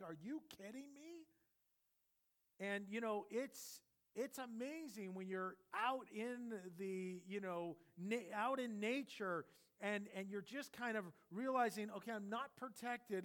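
A middle-aged pastor preaching a sermon in a conversational, animated way, swinging from loud bursts to hushed asides. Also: male voice, sits high. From California.

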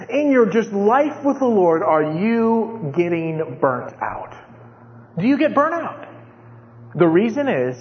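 A man preaching a sermon, animated, acting out his own prayers in a strained high voice. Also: lo-fi sound, a little hiss or hum. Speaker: pastor.

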